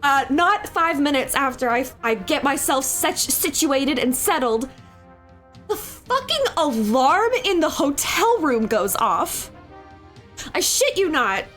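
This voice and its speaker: A young woman with a bright, high voice chats casually as she works on digital art. She rambles, curses freely and breaks into laughter. Soft music plays quietly underneath. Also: very animated, slow. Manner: chatty, rambling, swears freely, laughs often. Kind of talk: casual storytelling while drawing. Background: soft background music.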